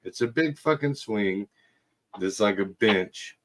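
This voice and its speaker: Slow-talking profane man telling stories. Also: on the low side, animated. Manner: profane, laid-back storytelling with shouted quotes. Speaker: podcast host. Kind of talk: casual storytelling chat. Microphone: video call.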